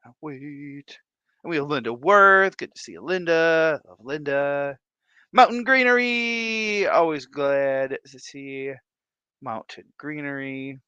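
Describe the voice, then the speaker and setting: A man hosting a casual livestream, excitable and laughing often as he greets viewers by name. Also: fairly high pitch, slow pace, clean tone, no echo, dull audio. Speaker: livestream host.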